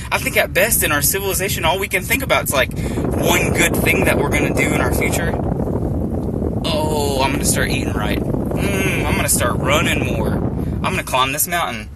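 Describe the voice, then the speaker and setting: A man's voice: a little high, lively intonation, moderate pace. Earnest rambling man over background noise. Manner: rambling, earnest, repeats himself, says dude. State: emotionally overwhelmed. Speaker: streamer talking to live viewers. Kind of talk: emotional off-the-cuff monologue. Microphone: phone. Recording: clear background noise, vehicle sounds.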